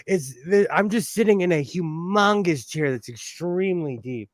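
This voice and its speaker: A man's voice: high-pitched, expressive, normal speed, no echo, studio quality. A middle-aged man hosting a casual sewing livestream from home, chatty and self-mocking, reading chat questions aloud.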